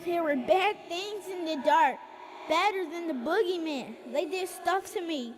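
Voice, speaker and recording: A man's voice: very high voice, unhurried. An actor playing a ghostly little boy in a video game, frightened and pleading. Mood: eerie. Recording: long reverb with faint noise in a game.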